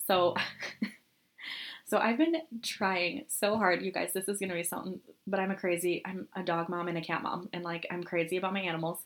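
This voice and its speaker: A woman's voice: fairly low pitch, little pitch movement, normal speed. Chatty young woman telling a story. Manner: chatty storyteller, laughs often, acts out quotes. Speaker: podcast co-host. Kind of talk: casual chat.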